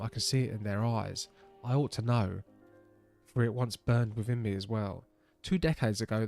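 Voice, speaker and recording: A man's voice: fairly low pitch, a little mellow, dry recording, natural voice. A man voicing a grave old resistance leader. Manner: solemn, measured reading. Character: weary older male resistance leader, grave.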